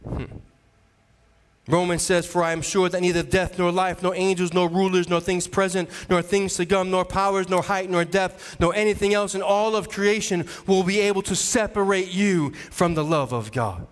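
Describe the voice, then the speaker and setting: A man's voice: high-pitched, fairly even intonation, moderate pace. A male associate pastor preaching a sermon, building to repeated rising declarations before a church congregation. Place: large church sanctuary. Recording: long hall reverb from church.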